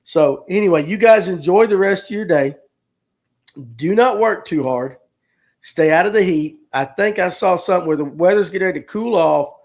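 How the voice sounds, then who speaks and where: A man's voice: sits high, normal speed, gravelly, darkish tone. A man hosting a casual fishing livestream, joking with viewers and reading comments aloud. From North Georgia, US. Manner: folksy, joking, talks to viewers by name. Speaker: host of a fishing livestream show.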